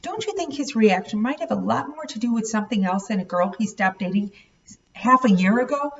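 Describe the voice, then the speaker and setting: A woman reading a novel aloud, voicing an older grandmother who speaks softly but firmly. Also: a little high, expressive. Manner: soft, measured, reasoning. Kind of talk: audiobook read-aloud. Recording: dull, slightly distant recording.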